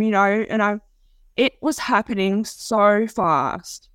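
A woman giving a raw, halting personal account, often restarting and repeating herself. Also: medium pitch, smooth, no echo. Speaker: interviewee telling her story. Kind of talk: personal testimony.

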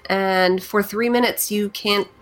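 A woman narrating as game master of a tabletop game, often pausing with fillers as she searches for words. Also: mid-range voice, fairly even intonation. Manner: hesitant, many fillers.

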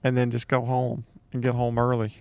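A man's voice: mid-range voice, monotone, moderate pace, creaky, a little mellow, dry recording. A young man, a stand-up comedian, chatting casually with a friend, easygoing and swearing a lot. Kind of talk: casual chat.

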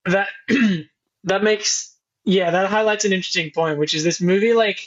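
A man's voice: high-pitched, normal speed, fairly bright tone. A man co-hosting a movie podcast in casual chat, thoughtful and rambling, often restarting his sentences. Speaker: podcast co-host. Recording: dull lo-fi mic.

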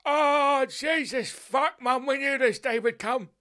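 A man's voice: extremely high pitch, slow, pushed and bright, pitched above the performer's own voice, full character voice. A man voicing frantic, plummy posh Edwardian children hiding in a mansion. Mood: panicked.

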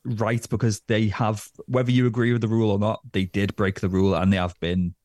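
Male podcast co-host, deep-ish voice, loose rambling chat, dry close sound. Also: flat delivery, a little fast, a little mellow, dry recording. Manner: rambling, hedging with fillers. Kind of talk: casual football chat.

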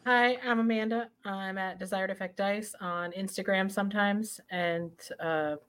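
A woman's voice: mid-range voice, fairly even intonation, moderate pace, fairly bright tone, smooth. A woman introducing herself as a tabletop game player in an offhand, trailing manner. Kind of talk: casual chat.

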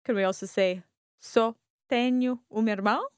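A woman's voice: on the high side, steady tone, normal speed, darkish tone, no echo, clean studio sound. A woman with a Scottish accent co-hosting a language podcast as the learner, asking careful follow-up questions. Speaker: learner co-host.

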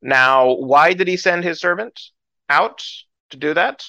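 Male Bible teacher, bright dry close voice, animated storyteller acting out characters. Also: measured pace, dry recording. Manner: animated storytelling, acts out characters with rising pitch.

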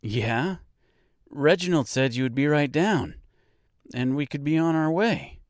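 A man's voice: on the high side, animated, a little slow, dry recording, clean studio sound, voice pushed up. A man voicing a friendly, easygoing male scarecrow companion in an audiobook, cheerful and a little puzzled.

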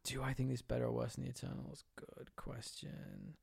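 A man co-hosting a casual film chat, talking in quick bursts with restarts and animated quoting. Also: medium pitch, vocal fry, slightly rough. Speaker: podcast co-host.

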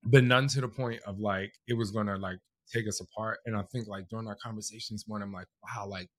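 Guy with a lowish voice, emotional casual chat w his husband, says like a lot, dry close sound. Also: fairly even intonation, fast, a bit bright, dry recording. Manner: heartfelt, many "like" fillers, voice cracking with emotion. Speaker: podcast co-host, married to the other speaker.

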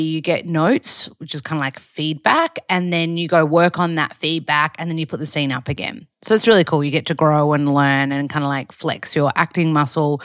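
Aussie woman podcasting from a closed-up room, lowish voice, dead dry sound, chatty. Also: no echo. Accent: Australian. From Australia. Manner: chatty and upbeat, sprinkled with "like". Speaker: podcast host. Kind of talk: casual diary podcast chat. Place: small closed room at home.

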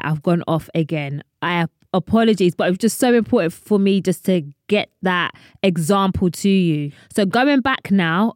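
Young woman podcasting about faith, bit low voiced, rambles off topic, dead dry mic. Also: dry recording. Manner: chatty, digressive, earnest. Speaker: podcast host. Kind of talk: personal faith talk to listeners.

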